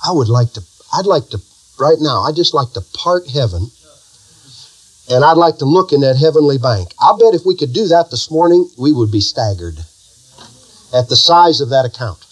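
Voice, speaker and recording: A man's voice: medium pitch, lively intonation, normal speed, breathy edge, low-quality recording. A male pastor preaching a sermon, building emphasis through repetition and leading the congregation in call-and-response.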